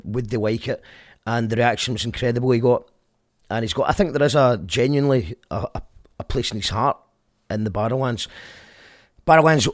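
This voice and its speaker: A man's voice: medium pitch, no room sound, clean studio sound. A man with a Glaswegian Scottish accent in a casual, rambling rant that drifts off on tangents and keeps restarting his sentences. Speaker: vlogger.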